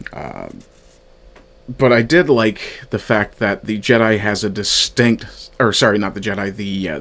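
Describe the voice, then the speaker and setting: Low-voiced man reviewing a fan film. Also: fairly bright tone. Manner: thinking aloud, halting, many fillers; reads from his own notes. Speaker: media reviewer. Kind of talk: casual review commentary.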